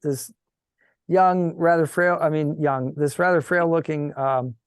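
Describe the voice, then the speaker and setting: A man's voice: a little high, fairly even intonation, clean tone, dry recording. Brief: man game master, hesitant narration, dry video-call sound. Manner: halting, searching for words.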